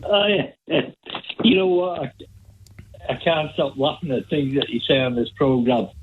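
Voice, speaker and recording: A man's voice: fairly high pitch, animated, a little slow, a little hiss or hum. A man calling in to a radio show, chatty and cheerful, rambling a little as he talks. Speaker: caller. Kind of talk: phone-in call. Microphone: telephone line. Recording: tinny phone line.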